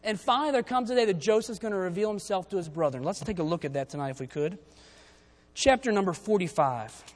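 Male preacher, fairly high voice, church sermon mixing scripture reading with plain talk, long hall echo. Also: lively intonation, fast. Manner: reads King James verses aloud, then explains them conversationally.

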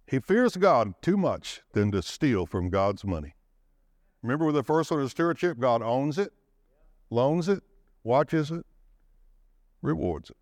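Animated man preaching a sermon. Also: unhurried, pauses often, dry recording, clean studio sound. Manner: dramatic swings in pitch and pace, rising to shouts of emphasis; calls for audience response.

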